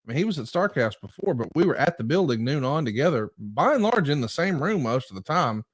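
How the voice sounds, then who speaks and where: A man's voice: fairly high pitch, sing-song, fast talker, no room sound. A man from the United States hosting a podcast, talking in a conversational, emphatic way. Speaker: podcast host. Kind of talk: casual podcast chat.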